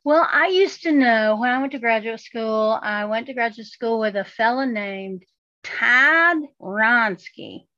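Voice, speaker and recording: A woman's voice: a little high, expressive, a little slow, sharp tone, lo-fi sound. A woman from North Carolina, co-hosting a casual chat in a playful, folksy way. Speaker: co-host.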